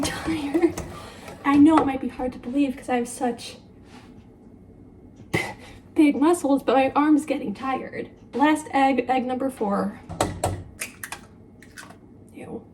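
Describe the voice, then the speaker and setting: Young woman, home baking vlog, high mellow voice, chatty and self-mocking, light hiss behind. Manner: rambling, self-deprecating, laughs often. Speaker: vlogger. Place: home kitchen.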